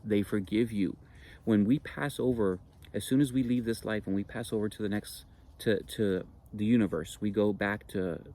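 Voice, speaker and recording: A spiritual teacher gives an earnest, reassuring monologue, repeating phrases for emphasis. His voice is lowish and a little mellow.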